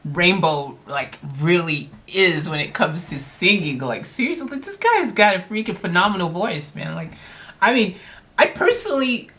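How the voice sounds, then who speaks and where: A woman's voice: fairly low pitch, big pitch swings, moderate pace, a bit bright. A woman from the United States hosting a casual reaction video, rambling and self-mocking with lots of fillers.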